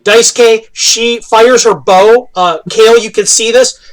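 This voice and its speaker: A male game master with a high-pitched voice narrates a fantasy battle, rolling through the action in a halting way. He pauses often with ums and uhs as he describes each hit and miss. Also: fairly even intonation. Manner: halting, with many fillers.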